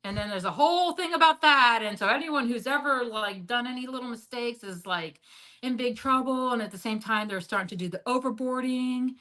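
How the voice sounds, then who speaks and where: A woman guest in an interview, telling a story bluntly with a lot of swearing and filler words, swinging from high excited bursts to low muttered asides. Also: a little fast, rough recording. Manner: blunt and heavily profane, leans on "like" as a filler; animated, jumps up and drops low in pitch and loudness. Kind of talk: candid storytelling in a sit-down interview.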